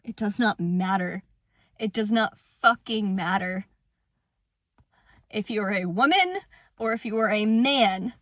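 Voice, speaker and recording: A young woman in an impassioned personal monologue, swearing fiercely, swinging between shouting and hushed calm. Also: medium pitch, slow, long pauses, no room sound, clean studio sound. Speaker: spiritual vlogger.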